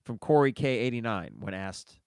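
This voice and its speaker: A man's voice: mid-range voice, normal speed, darkish tone, smooth, dry recording, studio quality. A man hosting a casual solo sports podcast, reading listener mail and reacting in a chatty way. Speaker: podcast host.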